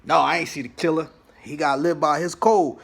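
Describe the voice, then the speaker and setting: A man voicing a shaken, grieving man in a husky voice. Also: on the high side, steady tone, brisk, fairly bright tone. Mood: defiant.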